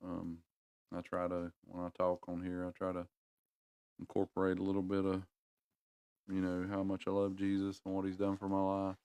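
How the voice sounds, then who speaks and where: Casting: middle-aged Southern man from North Carolina, low smooth voice, rambling livestream chat. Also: monotone, normal speed, mellow, no room sound. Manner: rambling, folksy, chuckling, talks to viewers. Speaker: livestream host.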